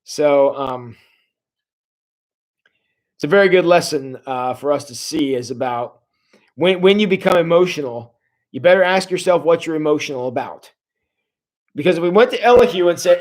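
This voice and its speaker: A man's voice: a little high, expressive, moderate pace, pauses often, a little mellow. Folksy fortysomething man teaching scripture. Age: 40s. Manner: folksy, conversational, with frequent filler sounds. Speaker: Bible study teacher. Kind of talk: casual livestream Bible study. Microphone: livestream setup.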